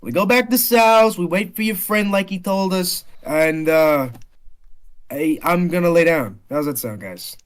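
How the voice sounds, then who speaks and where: A man's voice: sits high, unhurried. Man doing a whiny drunk with a fake New York accent. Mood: drunk whining.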